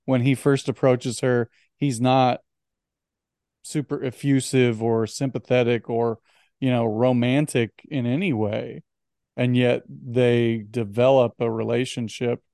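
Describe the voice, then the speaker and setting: Rich: A man co-hosting a casual film podcast, talking in a smooth, resonant voice. The sound is dry and close, with no room around it. He is animated and often stumbles and restarts his words. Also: medium pitch, a little slow, no room sound. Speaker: podcast co-host.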